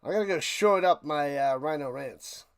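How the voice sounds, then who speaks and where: A man hosting a live football reaction stream, calling the plays between sarcastic rants. His voice sits high with a gravelly fry. He swings from low mutters to sudden loud outbursts. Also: normal speed, no room sound, clean studio sound. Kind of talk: live sports reaction and play-by-play.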